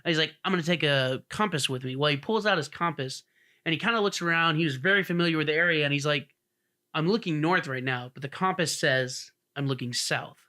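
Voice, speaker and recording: A man's voice: a little high, fairly quick, pushed and bright. A man co-hosting a podcast, telling a story in casual chat and acting out the people in it. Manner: rambling storyteller who acts out the people in his story. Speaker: podcast co-host.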